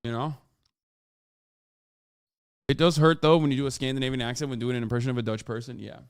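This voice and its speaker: A man in his thirties talks straight into the mic on a live stream, his voice smooth and resonant with a dry, close sound. He rants, swears freely and leans hard on his points between "uh"s and "like"s. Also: medium pitch, flat delivery, fast talker, no room sound. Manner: profane, emphatic ranting with many fillers. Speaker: streamer reacting to a clip. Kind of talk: casual live-stream commentary.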